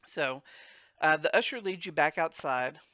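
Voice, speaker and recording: A man narrating as game master of a tabletop game, unhurried and full of fillers and restarts. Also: a little high, animated, bright, forceful tone, no echo, muffled recording.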